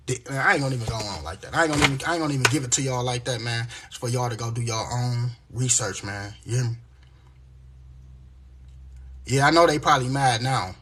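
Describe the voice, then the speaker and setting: Husky, animated man preaching from scripture. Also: medium pitch, brisk, long pauses. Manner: reads verses aloud with emphatic asides, repeats "right?". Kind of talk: fiery scripture reading and preaching.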